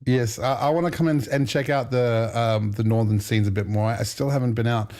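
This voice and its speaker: A man's voice: medium pitch, steady tone, fairly quick, darkish tone. A man hosting a casual livestream chat, joking around and laughing often as he tells rambling stories. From Australia. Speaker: livestream host.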